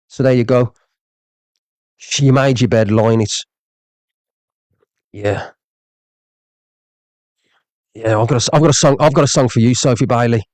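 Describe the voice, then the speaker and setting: A man with a medium-pitched, slightly mellow voice rants angrily on a live stream, swearing a lot and reading out viewer comments. He repeats himself, often saying "you know what I mean," and there's no echo.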